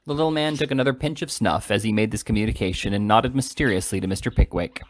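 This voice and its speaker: A man reading a classic novel aloud in a steady, plain narration. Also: fairly low pitch, fast talker, slight background noise. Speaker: reader.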